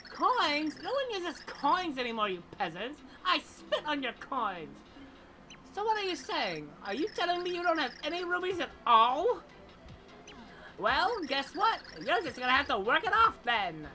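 Woman putting on a spoiled Valley Girl villain, high shrill voice, swoops wildly, bright game character. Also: sing-song, measured pace, soft background music, heavily acted. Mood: scornful. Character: bratty spoiled young female villain, greedy.

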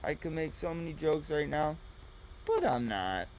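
A man's voice: a little high, expressive, normal speed, a little mellow, a little hiss or hum, low-quality recording. A man giving mocking reaction commentary, sarcastic and exasperated.

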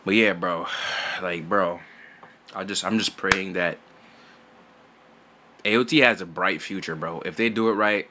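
A young man giving casual gaming news in a vlog, loud and excitable, slangy, repeating "bro" constantly. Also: low-pitched, moderate pace, pauses often. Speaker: gaming YouTuber. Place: home recording setup.

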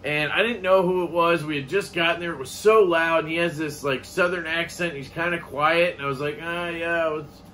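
Guy rambling in a laid-back vlog, kinda high bright voice, swears a bit. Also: brisk, hardly any pauses, a little hiss or hum. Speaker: knife collecting vlogger. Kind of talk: casual chat.

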